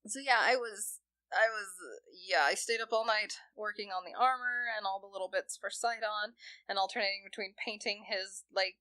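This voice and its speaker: Young woman, podcast co-host, bright voice, dry close sound, laughs a lot. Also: medium pitch, steady tone, moderate pace, dry recording. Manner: laughs often while telling a story. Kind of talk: casual chat.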